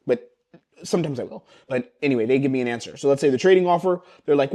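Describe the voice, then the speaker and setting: A man coaching sales by webcam, teaching scripts and acting out the closer's lines himself. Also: medium pitch. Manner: fast, energetic, acts out closer lines.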